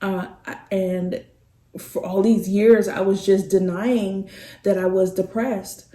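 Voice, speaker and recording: A middle-aged woman telling a personal story in a slow, halting, heartfelt way to her vlog viewers. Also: mid-range voice, steady tone, warm tone, recorded from a distance. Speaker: vlogger. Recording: echoey room, off-mic.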